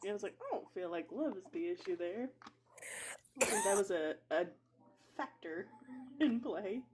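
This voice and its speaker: Co-host, woman who laughs a lot, lively voice. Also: medium pitch, moderate pace, background noise. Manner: expressive, laughs often. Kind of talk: casual chat.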